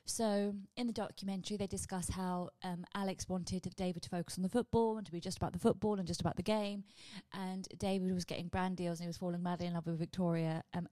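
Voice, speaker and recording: A woman hosting her own vlog, chatting casually and rambling with quick asides to her viewers. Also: mid-range voice, mellow, dry recording. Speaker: vlog host. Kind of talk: casual chat.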